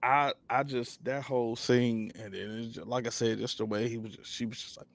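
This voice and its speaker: Animated man retelling scenes, dry sound. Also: mid-range voice, normal speed, no room sound. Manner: animated retelling, acts out his own reactions. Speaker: co-host of a TV recap show. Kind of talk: casual recap chat.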